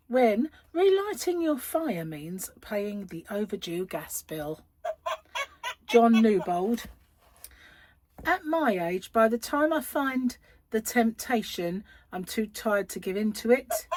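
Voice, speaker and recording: A woman's voice: a little high, big pitch swings, takes it slowly, darkish tone, slight background noise. A middle-aged woman hosting a crochet channel, chatting casually at home, rambling and laughing often. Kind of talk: casual chat to camera. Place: at home, indoors.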